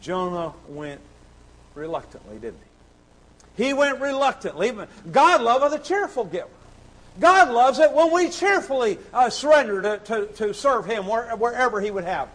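A man preaching a sermon, impassioned and repetitive, swinging between shouts and hushed pleading. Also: extremely high pitch, expressive, normal speed, rough recording. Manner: sings hymn lines briefly.

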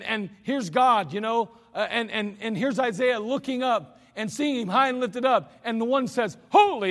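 Man, pastor, earnest sermon with jokes, high-pitched, long church reverb. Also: a bit bright. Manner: earnest, conversational preaching with humorous asides. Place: church sanctuary. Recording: archived church service with long hall reverb.

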